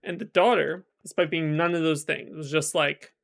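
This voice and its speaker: Give me a chatty male streamer with a high voice, rambling through a story. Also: steady tone, moderate pace, gravelly, fairly bright tone. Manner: chatty, rambling, lots of fillers. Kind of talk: casual storytelling while gaming.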